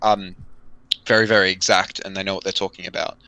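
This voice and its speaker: A young man co-hosting a podcast, talking esports in a casual, halting way with many fillers. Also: low voice, little pitch movement, pushed and bright, no room sound, rough recording. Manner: hesitant, many fillers and restarts. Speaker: podcast co-host.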